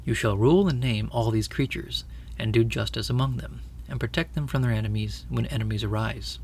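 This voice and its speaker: A man voicing a great, kingly male lion who speaks in a grave, measured, commanding way. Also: medium pitch, creaky, darkish tone, slight background noise, lightly acted. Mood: solemn.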